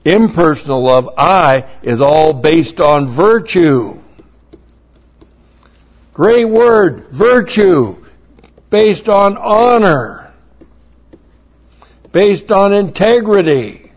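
A man's voice: high-pitched, animated, extremely slow, long pauses, muffled recording. A man preaching a sermon, emphatic and blunt, with mocking asides.

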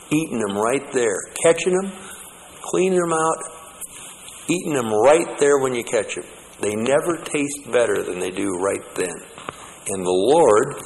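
A man preaching slowly and deliberately, reading scripture and breaking off into plainspoken, folksy asides. His voice sits at an ordinary middle pitch. A faint hiss runs under the recording. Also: vocal fry, in a large hall, poor audio.

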